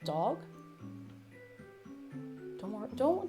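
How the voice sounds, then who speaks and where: A woman's voice: fairly high pitch, lively intonation, brisk, music in the background. A woman with an Irish accent hosting a casual baking livestream, chatting and greeting viewers by name as she reads the chat. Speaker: livestream host.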